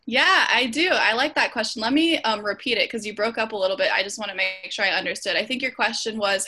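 A woman leads a group discussion over a video call. Her voice is bright and forward, and her speech is earnest, dotted with ums and small restarts. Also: a little high, fast. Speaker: host of an online Bible study.

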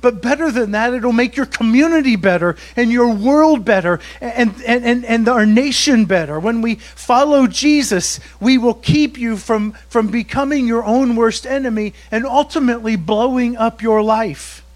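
A man preaching a sermon as pastor, slowing down for emphatic quotes and chuckling between points. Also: extremely high pitch.

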